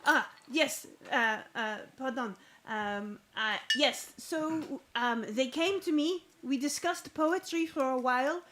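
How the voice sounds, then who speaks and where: A self-important poet man with a put-on French accent rambles on in grand, flowery words, as a woman acts him out. The voice sits a little high, and he takes his time. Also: takes it slowly, hardly any pauses, fairly bright tone, slight background noise. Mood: flustered. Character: pompous male poet cultist with a French accent.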